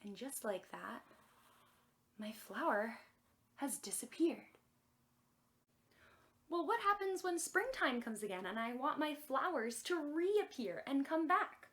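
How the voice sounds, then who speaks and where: Slow, gentle woman teaching kids. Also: high voice, big pitch swings. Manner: gentle, encouraging, exaggerated for kids. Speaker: children's music and magic teacher. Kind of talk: children's lesson with demonstrations.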